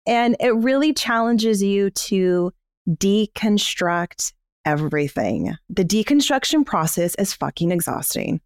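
A woman's voice: medium pitch, sing-song, unhurried, no echo, studio quality. A woman co-hosting a podcast, explaining her ideas in a candid, casual way and swearing freely. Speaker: podcast co-host.

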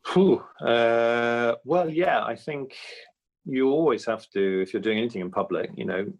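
A man's voice: mid-range voice, a little slow, creaky, muffled recording. A middle-aged comedian as an interview guest, talking animatedly about his craft and slipping into voices. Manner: animated, jumps into character voices. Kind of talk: podcast interview.

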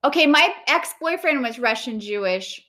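A woman's voice: high-pitched, animated, normal speed, bright, forceful tone. A woman interviewing an actor in a chatty, easygoing way. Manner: chatty, laughs easily. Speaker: interviewer and actress. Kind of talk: casual conversation.

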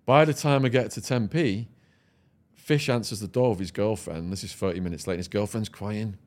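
A man's voice: fairly low pitch, moderate pace, a little mellow. An Englishman on a podcast, telling a vivid, profane story and laughing as he goes. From England. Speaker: podcast guest. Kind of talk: storytelling anecdote.

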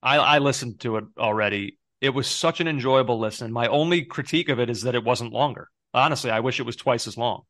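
A man's voice: mid-range voice, quick pace, few pauses, a bit bright, dry recording, clean studio sound. Hesitant, earnest man co-hosting a podcast. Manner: earnest, self-deprecating, hesitant. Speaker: podcast co-host. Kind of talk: casual podcast chat.

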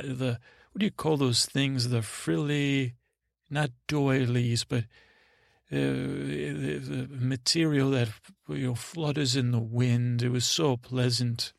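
A man host telling a meandering bedtime story, halting and full of restarts. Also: medium pitch, gravelly, no room sound, clean studio sound. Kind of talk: rambling bedtime story narration.

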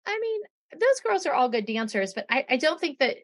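A woman's voice: high voice, big pitch swings, brisk. A young adult woman co-hosting a podcast, chatting casually with blunt remarks, swearing and laughing often. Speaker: podcast co-host. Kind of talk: casual recap chat.

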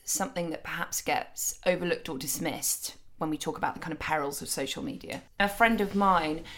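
A woman's voice: low-pitched, fairly quick, fairly bright tone. A woman co-hosting a casual chat podcast, talking thoughtfully about books and friendship. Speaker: podcast co-host.

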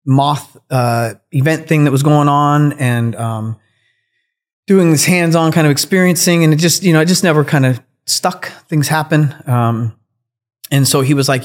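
A man's voice: a little high, fairly even intonation, normal speed. A man speaking as a podcast guest, telling his story in a candid, reflective way with casual swearing. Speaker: guest, cannabis breeder.

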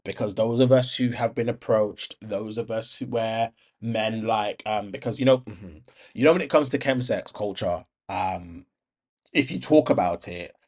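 Blunt, low-voiced man ranting. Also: measured pace, darkish tone. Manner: blunt, impassioned, swears freely; rambling with many restarts and ums. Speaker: podcast host. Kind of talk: opinionated podcast monologue.

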